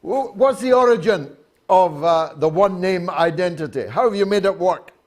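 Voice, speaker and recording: A man hosting a talk show, speaking in a slow, deliberate and wry way with many filler pauses. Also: sits high, animated. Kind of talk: talk show monologue and interview.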